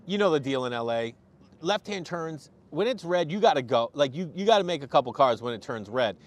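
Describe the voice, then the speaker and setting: A man from Boston, a comedian guest on a podcast, telling animated stories and acting out what people said. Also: fairly high pitch, a little fast. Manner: animated storyteller, acts out quotes. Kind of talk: casual podcast chat.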